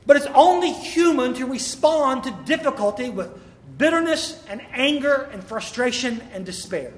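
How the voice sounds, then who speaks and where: A man with a very high voice and lively intonation speaks at normal speed, preaching a sermon as a pastor in a church sanctuary. He is emphatic and full of rhetorical questions, and the recording has an echoey hall sound with faint room ambience.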